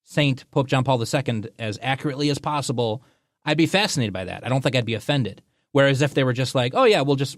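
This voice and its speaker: Mid-pitched male co-host, rambling and thoughtful, dry close mic. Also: dry recording. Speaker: podcast co-host. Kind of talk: casual chat.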